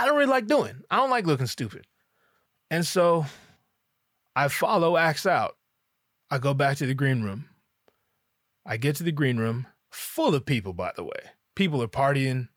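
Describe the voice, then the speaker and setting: A man's voice: mid-range voice, no room sound, clean studio sound. Candid, swearing man telling a story. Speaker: rapper. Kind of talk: casual personal storytelling.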